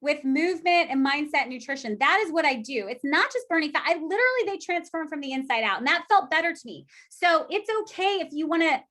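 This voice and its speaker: Chatty high-voiced woman in her forties. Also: fairly quick, hardly any pauses. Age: 40s. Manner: chatty and animated, with many restarts and quoted asides. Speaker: team coach. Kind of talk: casual motivational team call.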